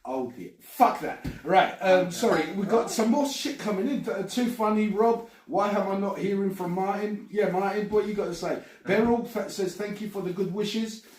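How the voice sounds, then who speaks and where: A man's voice: sits high, normal speed, hardly any pauses, darkish tone. A man with a London accent hosting a podcast in casual chat. He swears often, laughs a lot and rambles. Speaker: podcast host. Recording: echoey room, mic at a distance, some noise.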